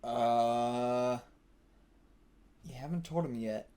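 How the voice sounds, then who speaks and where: A man of middle pitch reacting live to a manga as he reads. He thinks out loud in a loose, casual way, chuckles a lot and drops the odd curse. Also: very slow. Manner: casual, thinks aloud, laughs often, swears. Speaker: manga reaction channel host. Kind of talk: live reaction while reading manga aloud.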